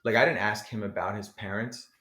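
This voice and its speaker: A man from New Jersey, a rapper guesting on a podcast, who rambles loosely, swears freely and leans on "you know" every few words. His voice sits on the low side. The recording carries a noticeable roomy echo. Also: brisk, bright, forceful tone. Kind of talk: casual interview chat. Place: podcast studio.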